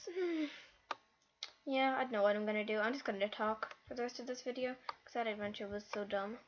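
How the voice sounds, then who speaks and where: A female host giving live gameplay commentary, excitable and easily frustrated, with lots of exclamations. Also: on the high side, fairly quick, dull audio, a little hiss or hum. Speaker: gaming channel host.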